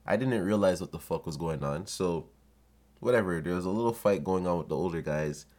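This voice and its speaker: A young adult man with a low voice hosts a podcast, talking a little fast. His comedic storytelling monologue is profane and animated, and he acts out the people he quotes, laughing along the way.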